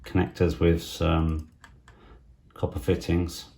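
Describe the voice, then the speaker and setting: A middle-aged man from England giving casual hobby unboxing commentary, thinking aloud in a soft, half-whispered way with plenty of fillers. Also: low voice, completely flat delivery, takes it slowly, creaky, a little hiss or hum. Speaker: model railway vlogger.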